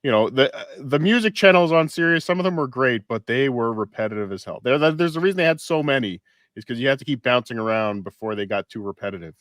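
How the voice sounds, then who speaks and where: A man co-hosting a casual podcast, reading posts aloud in a wry, deadpan way. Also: medium pitch, quick pace, no echo, clean studio sound. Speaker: podcast co-host.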